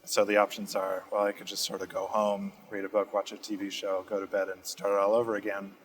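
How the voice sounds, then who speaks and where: Low, flat-voiced man from Massachusetts. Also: brisk, low-quality recording. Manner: steady, thoughtful, frequent "uh" fillers. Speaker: state representative guest. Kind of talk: measured interview answers. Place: community TV studio.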